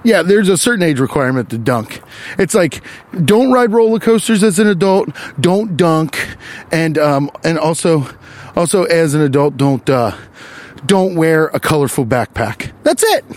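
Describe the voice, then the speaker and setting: A man's voice: a little high, moderate pace. A man hosting a podcast, delivering a profane, exasperated comic rant while walking along a wooded trail. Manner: animated, profane, exasperated ranting. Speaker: podcast host.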